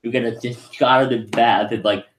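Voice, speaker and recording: A man's voice: mid-range voice, steady tone, normal speed, echoey room, slight background noise. A man recapping a film in a casual, rambling way, with many restarts and fillers, briefly acting out what the characters say. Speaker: movie reviewer.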